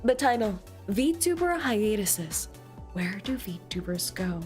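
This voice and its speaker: A woman's voice: medium pitch, very animated, slow, a little mellow, faint music behind. A woman VTuber chatting playfully with her stream audience, full of mock outrage and laughter. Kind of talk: casual livestream chat.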